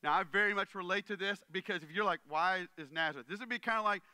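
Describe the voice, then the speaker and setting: Bright, crisp-voiced male preacher. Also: high-pitched, quick pace, no room sound. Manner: conversational, earnest preaching that checks in with the audience. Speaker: pastor. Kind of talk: sermon.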